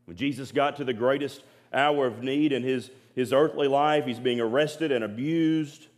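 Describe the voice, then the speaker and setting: In the church sanctuary, a preacher preaches his sermon earnestly at a normal pace and mid pitch. Words get repeated, and at times he lowers his voice for quiet emphasis.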